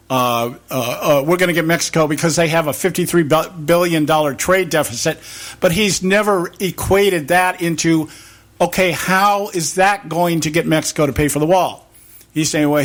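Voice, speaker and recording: A man hosting a political talk show, rambling through rhetorical questions and acting out quick imagined back-and-forth exchanges. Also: a little high.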